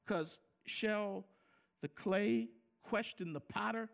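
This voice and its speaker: A man preaching a sermon as a pastor, in an animated style that acts out quoted lines and repeats words for emphasis. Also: high-pitched, slow pace, gravelly.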